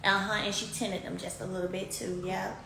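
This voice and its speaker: A woman telling a chatty, animated story to her viewers from a beauty salon, filmed on a handheld phone. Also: mid-range voice, fairly quick, gravelly, crowd noise. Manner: animated, addresses viewers as y'all, swings loud and soft. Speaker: vlogger. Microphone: phone camera held by speaker. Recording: echoey room with faint ambience.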